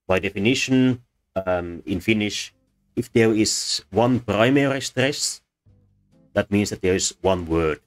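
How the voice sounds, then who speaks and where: A man's voice: fairly low pitch, unhurried, faint music behind. A man giving an unscripted talk on language sounds, thoughtful and hesitant, with frequent fillers and restarts. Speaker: presenter. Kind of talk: unscripted explanatory lecture.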